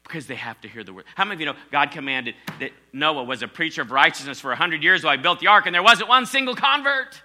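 Male preacher, emphatic sermon delivery, bright piercing tone, loud-to-hushed swings. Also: a little high, animated, fast, few pauses. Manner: emphatic, swings from loud exclamations to near whispers; asks the congregation to respond.

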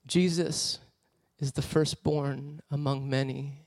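A man preaching a sermon as a personal story, animated and laughing often as he tells it. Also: mid-range voice, slow, no room sound, studio quality.

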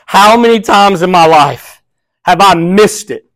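A man preaching as a pastor, passionate, swinging between loud emphasis and hushed, quiet quoting. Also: high-pitched, animated, unhurried, no echo, poor audio. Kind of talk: sermon.

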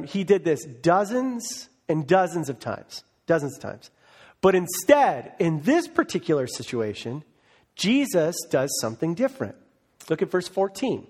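A man preaching a sermon as pastor, telling a story lively with quick voiced bits. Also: high voice.

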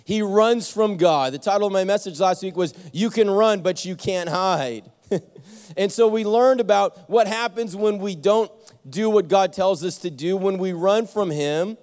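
A man preaching a Sunday sermon as pastor, telling stories in a lively way with self-mocking jokes and quick restarts. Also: sits high. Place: church sanctuary. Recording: long church hall reverb.

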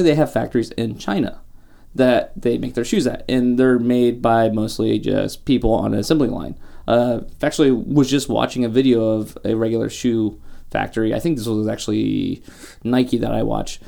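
A man's voice: mid-range voice, vocal fry, dark tone. A man, co-hosting a casual chat show, talking in a rambling, argumentative way. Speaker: podcast co-host.

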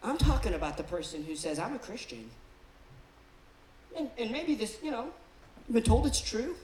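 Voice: medium pitch, big pitch swings, brisk, a little mellow, echoey room, slight background noise, rough recording. A pastor giving a sermon in a church in a conversational way, now and then acting out the voices of the people being described. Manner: conversational, acts out quoted people in different voices. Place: church auditorium.

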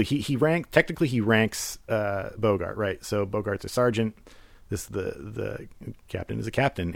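A man's voice: fairly low pitch, gravelly, no echo. A man hosting a podcast, talking through a film in casual solo commentary, rambling with many fillers and restarts. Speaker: podcast host.

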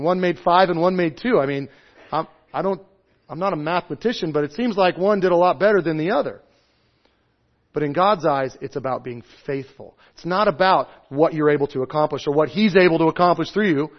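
A man in his thirties or forties preaching a sermon, stressing points loudly and then dropping to soft, low asides. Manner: emphatic, swings between loud stresses and soft low asides. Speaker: pastor. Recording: dull lo-fi sound.

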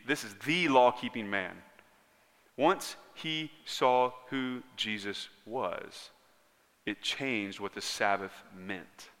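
A man preaching in a church sanctuary, his bright, forceful voice carrying a long reverb through the large hall. He preaches earnestly, rising to loud emphasis and then dropping to near-quiet lines. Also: lowish voice. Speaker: pastor. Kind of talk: sermon.

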